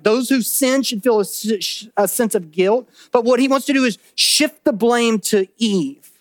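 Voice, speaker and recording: A man with a notably high voice delivers a church sermon, close and dry with no room sound. He talks animatedly, acting out little quotes and voices, then sinks into a lower, grave tone for warnings. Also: no echo. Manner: drops to a low, serious tone for warnings. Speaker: pastor.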